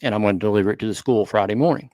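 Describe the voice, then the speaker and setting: A man co-hosting a hobby talk show, speaking earnestly and thinking out loud in casual chat. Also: fairly low pitch, very fast, dry recording. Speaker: show co-host.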